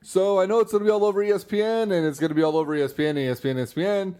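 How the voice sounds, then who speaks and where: A man's voice: high voice, rapid-fire, warm tone, clear, resonant tone. A man co-hosting a sports talk podcast who reads news items aloud, then riffs casually and swears freely. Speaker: podcast co-host.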